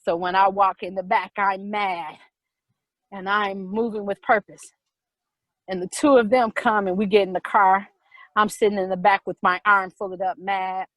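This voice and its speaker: A middle-aged woman casually telling a personal story, animated, with quick repetitive retelling. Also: medium pitch, no echo, low-quality recording.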